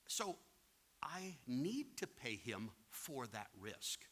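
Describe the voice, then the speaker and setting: A man's voice: on the high side, sing-song, measured pace, bright, forceful tone. A plain-spoken man giving a real estate investing seminar, talking directly to the audience and acting out anecdotes. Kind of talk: seminar talk with acted-out anecdotes.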